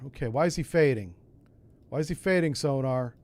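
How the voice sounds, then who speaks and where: A man streams a submarine game and talks it through step by step. His voice sits at a middling pitch, and his delivery is folksy and chatty, full of asides. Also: a little fast, darkish tone. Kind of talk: casual gameplay commentary.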